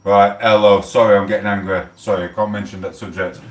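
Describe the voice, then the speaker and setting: A man's voice: fairly low pitch, flat delivery, fast talker, background noise. A man, rambling and swearing in a heated rant on a casual livestream. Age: 40s. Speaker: livestream host. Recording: echoey room, mic held far off.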